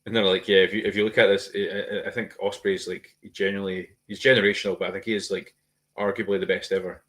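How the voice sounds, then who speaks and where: A man's voice: deep voice, level tone, quick pace, fairly bright tone. A man co-hosting a podcast, rambling and swearing in casual chat, laughing often. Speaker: podcast co-host.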